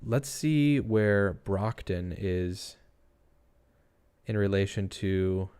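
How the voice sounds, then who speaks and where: A man's voice: low voice, animated, very slow, a little mellow, clear, resonant tone. A young man hosting a casual true-crime livestream, thinking aloud and rambling with restarts while reading chat. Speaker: livestream host.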